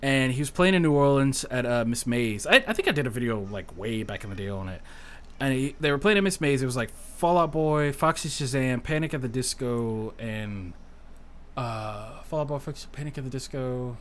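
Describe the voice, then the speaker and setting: A man's voice: mid-range voice, moderate pace. A man in his thirties, a podcast guest, telling stories in casual chat and swearing freely. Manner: animated storyteller, swears freely, self-deprecating.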